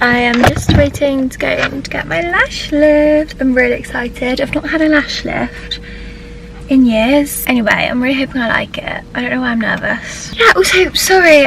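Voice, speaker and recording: A woman's voice: high-pitched, gravelly, noisy background. A young British woman chatting casually to her viewers in a lifestyle vlog. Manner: chatty, talking straight to viewers. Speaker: lifestyle vlogger.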